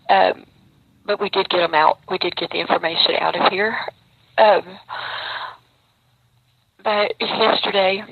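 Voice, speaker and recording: A woman inmate recounting events on a phone call in a steady, defiant way. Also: mid-range voice, vocal fry, slight background noise.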